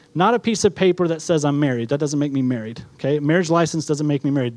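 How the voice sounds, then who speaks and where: A man's voice: a little high, a little mellow, dry recording. A middle-aged male pastor teaching a sermon, earnest, using props and asking rhetorical questions.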